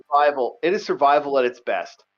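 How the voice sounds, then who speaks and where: A man hosting a casual online book-review chat, emphatic and animated, repeating himself often. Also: mid-range voice, a little fast, muffled recording. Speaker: podcast host.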